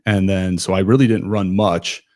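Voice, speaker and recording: A man in his forties with a fairly low voice tells his story in a relaxed, conversational way, now and then slipping into the voices of people he quotes. The sound is dry and close, with almost no room. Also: normal speed, no room sound. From Ohio. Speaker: podcast guest, former runner. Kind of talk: casual storytelling interview.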